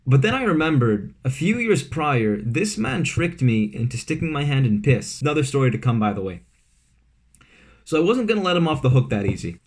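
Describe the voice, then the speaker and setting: A young man from Vancouver, telling a casual storytime at home, full of fillers and asides. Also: mid-range voice. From Vancouver, Canada. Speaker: vlogger. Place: his room at home.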